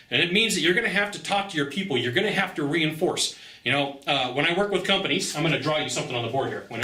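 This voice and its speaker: A man, a sales trainer, telling a story in a casual vlog monologue, animated and emphatic, tagging his points with quick asides. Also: a little high. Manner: conversational, tags points with "okay?" and "right?". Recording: roomy echo.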